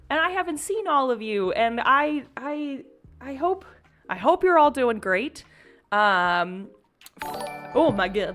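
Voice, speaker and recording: A young woman streamer with a bright, lively voice that swoops up and down as she giggles and chats with her viewers. She sits indoors at home, and faint music plays behind her. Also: high voice. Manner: bubbly, giggly, chatty with viewers. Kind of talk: casual live-stream chat.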